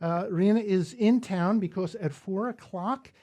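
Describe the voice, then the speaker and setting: A man's voice: high-pitched, a little mellow. A man with a Brooklyn New York accent hosting a radio poetry show, chatting casually with many ums and jokes. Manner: halting, many ums, joking. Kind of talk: casual radio interview chat.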